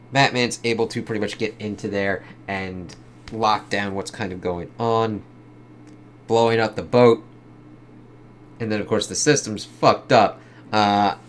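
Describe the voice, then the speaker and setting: Low-voiced man doing a casual, sweary comic review. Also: a bit bright. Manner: casual, heavy swearing, lots of fillers like "kind of".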